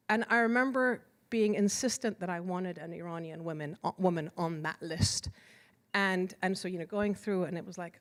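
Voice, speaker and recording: A middle-aged woman from Iran tells personal stories at a symposium in an earnest, unpolished way. She often trails off, restarts, and fills gaps as she talks. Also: medium pitch. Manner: earnest, halting with restarts and fillers. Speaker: symposium speaker. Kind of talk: personal storytelling talk.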